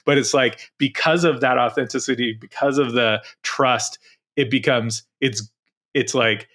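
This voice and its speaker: A man's voice: mid-range voice, steady tone, measured pace, a bit bright. A middle-aged man co-hosting a podcast, talking casually and rambling with many restarts. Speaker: podcast co-host.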